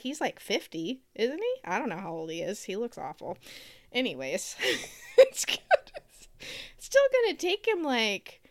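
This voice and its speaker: Animated sarcastic woman ranting. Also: on the high side, dry recording, clean studio sound. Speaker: podcast co-host. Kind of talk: casual chat.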